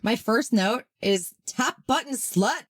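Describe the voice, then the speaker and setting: A woman talks loosely on a podcast, often breaking into laughter as she reads her notes aloud. Her pitch moves around a lot and the recording is close and dry. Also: animated, takes it slowly, breathy edge, no echo. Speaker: guest podcast co-host. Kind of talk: casual podcast chat.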